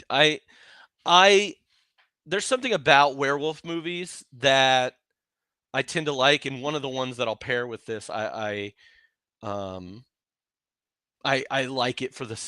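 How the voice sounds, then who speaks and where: A man in a casual movie-talk podcast, with a bright, forceful tone and a dry, close sound. He jokes around and laughs a lot as he goes. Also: mid-range voice, dry recording. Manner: laughs often, loose and joking. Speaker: podcast co-host.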